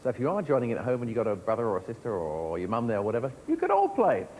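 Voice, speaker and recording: A man's voice: mid-range voice, huge pitch swings, rapid-fire, darkish tone, slight background noise, low-quality recording. A man hosting a children's TV game show from a studio set, jokey and full of puns. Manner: jokey, punning, bouncy.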